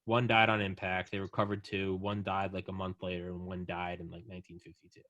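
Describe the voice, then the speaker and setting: A man's voice: sits low, level tone, brisk, fairly bright tone, no echo, muffled recording. Rambling, profane young man, dry sound. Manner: rambling, profane, acts out drunk aliens in quotes. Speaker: podcast host. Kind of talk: casual chat.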